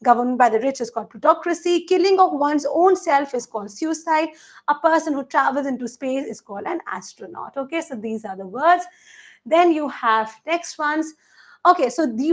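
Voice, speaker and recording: Woman teacher going over vocab, high voice, lots of examples and questions to the class. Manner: mixes in a few Hindi words. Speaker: English teacher. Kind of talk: online exam-prep vocabulary lesson.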